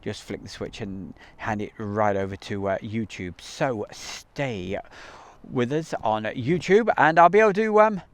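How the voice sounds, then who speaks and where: A man's voice: fairly low pitch, expressive, measured pace. A man hosting a casual live stream outdoors near an airbase, chatting in a rambling way with many ums and uhs, recorded on a camcorder mic.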